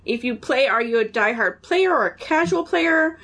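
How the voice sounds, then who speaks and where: A woman's voice: sits high, lively intonation, a bit bright, slightly rough. A woman co-hosting a podcast who chats casually and laughs easily. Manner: laughs easily, quick to joke. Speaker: podcast co-host. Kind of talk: casual chat.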